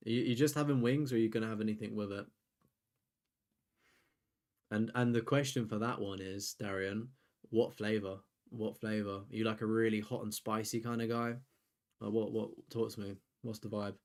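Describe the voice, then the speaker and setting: A man's voice: fairly low pitch, fairly even intonation, normal speed, a little mellow. A man, hosting a live stream and chatting casually with his viewers. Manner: rambling, chatty, reads and answers chat. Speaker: streamer host.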